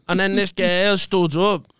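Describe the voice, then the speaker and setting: High bright Liverpool man telling stories. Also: takes it slowly, clean tone, no room sound. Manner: animated, sweary storytelling. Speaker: stand-up comedian, podcast host. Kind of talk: casual podcast chat.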